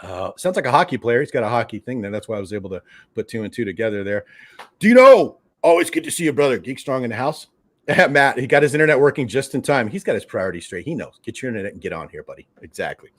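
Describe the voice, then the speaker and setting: The host of a collectibles live stream, a fast-talking man with an animated mid-range voice, banters casually and cracks jokes while welcoming people from the chat by name.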